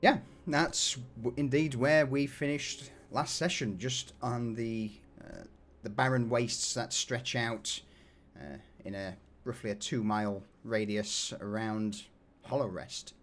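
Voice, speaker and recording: A man running a tabletop game as game master, narrating scenes in an unhurried, descriptive way with filler words. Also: mid-range voice, soft background music.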